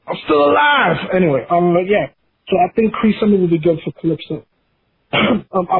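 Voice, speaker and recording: A man's voice: high voice, husky. A man calling in to a podcast, talking in a rambling, enthusiastic way with many restarts. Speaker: caller. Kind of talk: casual voicemail call-in. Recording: tinny phone line.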